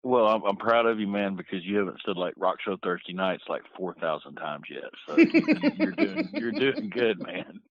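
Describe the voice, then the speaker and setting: A man's voice: on the low side, very animated, moderate pace, few pauses, lo-fi sound, a little hiss or hum. A man from Tennessee with a Southern accent, calling in as a guest and joking in a dry, wry way. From Nashville, Tennessee. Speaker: guest caller.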